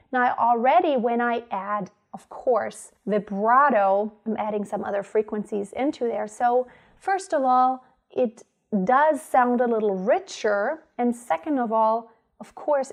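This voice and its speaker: A woman teaching singing, explaining vocal technique clearly and stopping to demonstrate tones. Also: on the high side.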